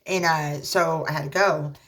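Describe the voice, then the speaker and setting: A woman, a mother, talking casually to her viewers in a rambling, halting way with lots of fillers, earnestly offering religious encouragement. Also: deep voice, fairly even intonation, a bit bright. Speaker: vlogger. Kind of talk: casual talk to camera.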